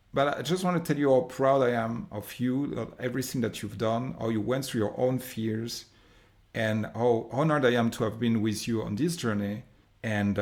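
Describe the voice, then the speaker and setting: A man's voice: mid-range voice, a little mellow. A man with a French accent teaching an online business course, enthusiastic and casual, with mock-dramatic storytelling and some swearing. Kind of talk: recorded course lesson, drawing on a board.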